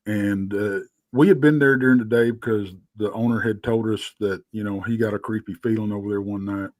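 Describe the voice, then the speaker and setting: Texan man with a low voice, rambling. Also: fairly even intonation, dry recording. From Texas. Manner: rambling, halting storyteller full of fillers. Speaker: guest. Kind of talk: casual storytelling.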